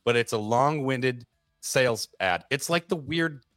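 A man's voice: mid-range voice, expressive, measured pace, fairly bright tone, no room sound, studio quality, faint music behind. A man, a teacher co-hosting a radio talk show, wry and joking. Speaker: teacher co-host.

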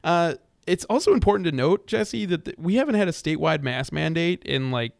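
A man's voice: fairly high pitch, expressive, fairly quick, creaky, no echo, clean studio sound. A man co-hosting a political call-in show, rambling with frequent restarts. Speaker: radio talk show co-host. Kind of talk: casual political call-in talk.

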